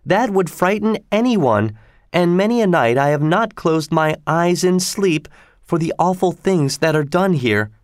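Old woman housekeeper, solemn and mysterious, low warnings, read by a man. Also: animated, a little slow, no room sound, studio quality. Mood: fearful.

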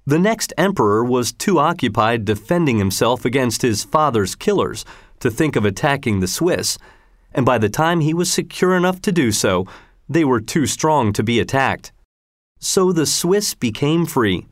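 A man's voice: medium pitch, sing-song, moderate pace, no room sound, clean studio sound. Man reading a storybook aloud. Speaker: narrator. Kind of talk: storybook narration.

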